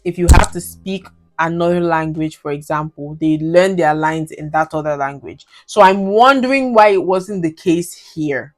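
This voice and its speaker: Speaking at a normal pace with hardly any pauses, this young Nigerian woman has a deep voice and a Nigerian accent. She's a video reviewer looking back casually at her old movie reviews, laughing a lot and drifting into Nigerian Pidgin.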